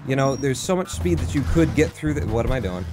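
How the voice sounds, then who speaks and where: A man giving live commentary while he plays through a speedrun, excitable and talking quickly, with sudden jumps in pitch. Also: background noise. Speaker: speedrunner streamer.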